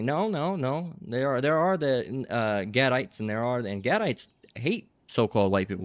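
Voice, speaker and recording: A man's voice: mid-range voice, lively intonation, brisk, no room sound. A man giving a rambling religious lecture, tagging his points with "okay?" and "all right?". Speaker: religious teacher.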